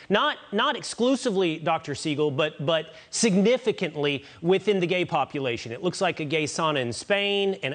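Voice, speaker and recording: Brief: male TV anchor, high voice, probing and hesitant. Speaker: TV news anchor. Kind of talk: TV news interview.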